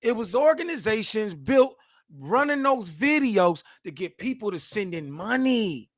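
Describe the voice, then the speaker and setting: A man in his forties reacting to news clips as host, animated, emphatic and mocking, full of slang. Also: sits high, unhurried, dry recording, studio quality.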